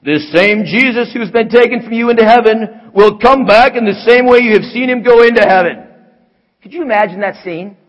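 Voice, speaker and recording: Man preaching, animated, swings from hushed to shouting, long hall reverb. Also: extremely high pitch, normal speed, lo-fi sound. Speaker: pastor. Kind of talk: sermon.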